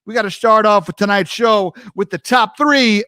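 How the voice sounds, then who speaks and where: A young man hosting a livestream talk show from his home mic, energetic and hypey, greeting viewers by name and riffing casually. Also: sits high, normal speed, clean tone, no echo, clean studio sound. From New York. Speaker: host.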